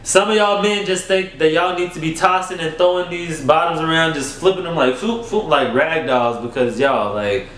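A young man telling a storytime vlog story in a casual, animated way, swinging up high for emphasis and talking straight to his viewers. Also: normal speed, hardly any pauses, slight background noise. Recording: echoey room.

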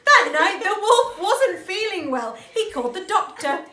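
Bright, animated young woman storyteller. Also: extremely high pitch, unhurried. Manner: playful and expressive, voicing the story's characters. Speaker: children's story reader. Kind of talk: reading a picture book aloud to children. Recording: roomy echo.

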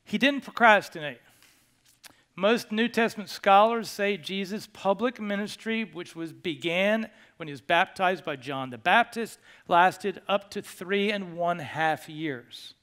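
Male pastor, sermon, high-pitched, bright, animated, joking with the congregation. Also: a little slow. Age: over 25. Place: church sanctuary.

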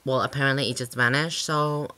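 A woman's voice: extremely low pitch, fairly even intonation, brisk, bright, forceful tone, slight background noise. A woman hosting her own channel in a casual vlog chat, rambling and sassy, swearing freely with lots of filler words. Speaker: channel host.

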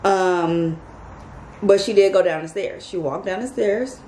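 A woman vlogger telling a story to her viewers in a casual, animated, chatty way. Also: medium pitch, unhurried. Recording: echoey room, faint background noise.

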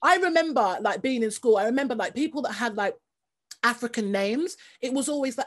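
A woman's voice: on the high side, lively intonation, a little fast. A woman hosting a casual interview, talking in an emphatic, conversational way and laughing easily. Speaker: host.

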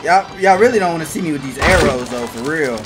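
A man giving excitable, slangy let's-play commentary to viewers, bursting into loud cheers. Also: fairly high pitch, fast talker. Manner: slangy and chatty, talks straight to viewers. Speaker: gamer playing through a video game. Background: game music and sound effects.

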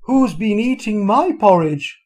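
An older man reading a storybook aloud, voicing a middle-sized mother bear in a higher, slow, put-out voice. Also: expressive, darkish tone.

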